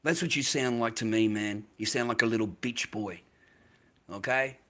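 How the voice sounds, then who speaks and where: A man's voice: mid-range voice, normal speed, fairly bright tone, low-quality recording. An Australian man hosting a livestream, ranting bluntly at his viewers in a profane, slangy, lecturing way. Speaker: livestream host.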